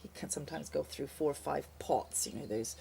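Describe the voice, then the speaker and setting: Low-voiced older woman telling a bar story. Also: fairly quick, creaky, slight background noise. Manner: lively, animated, wry storytelling with fillers. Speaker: storyteller, former bartender. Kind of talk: casual spoken anecdote.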